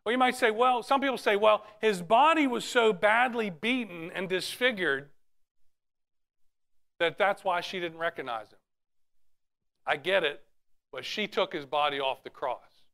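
A man's voice: high voice, unhurried, vocal fry, pauses often, pushed and bright. A man preaching a sermon, reading scripture aloud in an earnest way and often restarting his phrases. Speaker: pastor.

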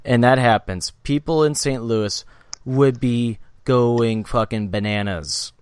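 A man's voice: mid-range voice, slow, clean tone. A man co-hosting a sports podcast, agreeing and adding his own profane complaints. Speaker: podcast co-host. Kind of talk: casual sports chat.

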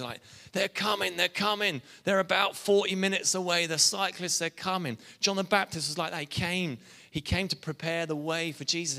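A man's voice: medium pitch, sharp tone. A man preaching a sermon as pastor, talking conversationally with asides and restarts. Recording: long reverb of a church hall.

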